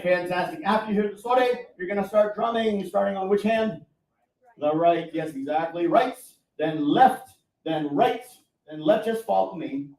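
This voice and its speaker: A man's voice: a little high, lively intonation, moderate pace, dark tone, some chatter behind. Upbeat male drum teacher in an echoey room. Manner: upbeat, encouraging, self-deprecating jokes. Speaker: taiko instructor. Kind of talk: leading a live audience drumming workshop. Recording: echoey room from far off, faint music.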